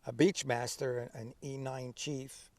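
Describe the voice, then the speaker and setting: An older man in his seventies with a gravelly edge to his voice and a relaxed storytelling style. He tells his stories in a lively way, acting out the lines of the people in them. He sits a little away from the mic. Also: medium pitch, no room sound, recorded from a distance. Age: 70s. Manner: lively, acts out remembered dialogue. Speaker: interview guest, veteran. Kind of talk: conversational storytelling.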